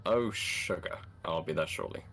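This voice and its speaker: A man's voice: low-pitched, moderate pace, a bit bright. A man chatting casually with teammates as he joins a co-op game, laid-back and dry. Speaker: co-op player. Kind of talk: casual chat.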